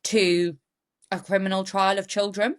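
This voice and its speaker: A woman's voice: mid-range voice, level tone, unhurried, smooth. A woman, co-hosting a podcast and casually retelling a true-crime case with jokey asides. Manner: chatty, goes off on jokey asides. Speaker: podcast co-host.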